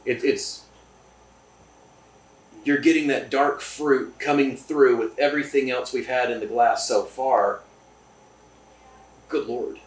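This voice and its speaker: A man's voice: medium pitch, fairly even intonation, slow, pauses often. A man hosting a casual chat, chatty, jokey and enthusiastic, recorded at a distillery. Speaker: podcast host. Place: distillery room. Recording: roomy, distant mic.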